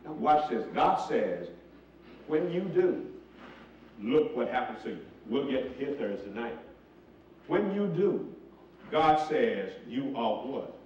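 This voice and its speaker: A man's voice: mid-range voice, very animated, slow pace, long pauses, darkish tone, lo-fi sound, a little hiss or hum. A man preaching a sermon and drawing call-and-response answers from his congregation. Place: church sanctuary with a congregation. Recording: echoey church recorded from a distance.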